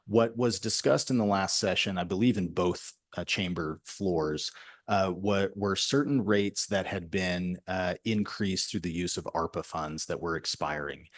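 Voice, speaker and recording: A man with a very low, deep voice testifies before a legislative committee as a state health director. He speaks in a measured, bureaucratic way, padding his answers with frequent fillers. The sound is dry and close, with no room echo.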